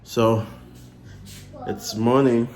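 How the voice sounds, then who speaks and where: A woman's voice: extremely low pitch, steady tone, extremely slow, a little mellow. A woman vlogging at home, chatting to her kids in an apologetic, easygoing way while making breakfast. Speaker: vlogger mother. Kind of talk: casual home vlog. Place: home kitchen. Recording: echoey room with music behind.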